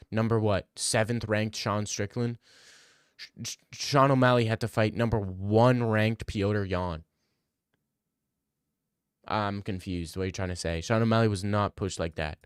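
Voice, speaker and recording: Man, livestream host, blunt, argumentative, swearing, somewhat low voice, dry close sound. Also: steady tone, normal speed, clean tone, no room sound. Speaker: livestream host answering chat. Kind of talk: casual livestream Q&A.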